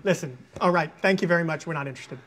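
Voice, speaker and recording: An actor playing a blunt audition judge who is curt and dismissive. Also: male voice, on the high side, very fast, fairly bright tone.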